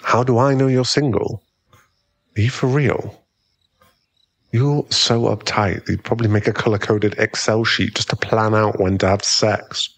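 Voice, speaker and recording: A man's voice: fairly low pitch, fairly even intonation, unhurried, no echo. A man voicing a cocky, mocking young male bully in a whispered role-play, with a smug, drawling manner close to the mic. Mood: teasing. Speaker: ASMR roleplay performer.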